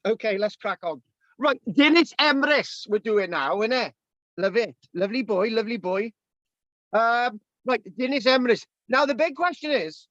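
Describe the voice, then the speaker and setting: A man's voice: high-pitched, fairly bright tone, no room sound, lo-fi sound. A man teaching an online history class in a jokey, rambling way, often stumbling and repeating words, over a video call. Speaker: history lecturer.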